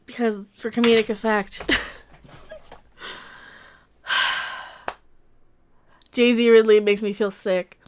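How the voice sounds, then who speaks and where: A woman's voice: on the high side, level tone, takes it slowly, pauses often, slight background noise. A woman hosting a livestream reaction, rambling in a casual emotional rant, with many restarts and laughs between points.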